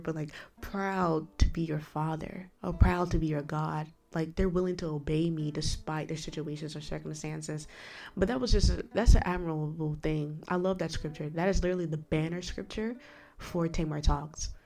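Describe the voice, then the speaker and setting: A woman hosts her own faith podcast and talks on her own in a slightly low voice. She preaches with emphasis, firing off questions and then answering them herself. Faint music plays quietly under her voice. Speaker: podcast host. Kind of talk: solo faith podcast talk.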